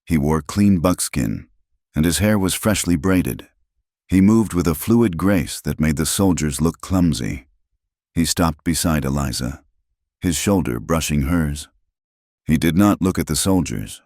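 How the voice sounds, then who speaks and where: A man narrating a western story in a dramatic, measured scripted reading. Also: extremely low pitch, expressive, a little mellow, no echo, studio quality.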